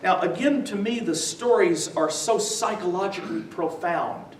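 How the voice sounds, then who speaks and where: Here the New Testament lecturer's voice is high-pitched and his pace moderate. Teaching an adult-education class at church, he prompts his live audience with "what?" questions and chuckles through his stories, picked up from a distance in an echoey room with faint noise.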